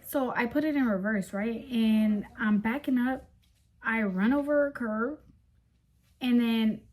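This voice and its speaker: A young woman vlogger telling a story in casual storytime style, animated and full of slang, talking straight to her viewers. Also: a little high, slightly rough.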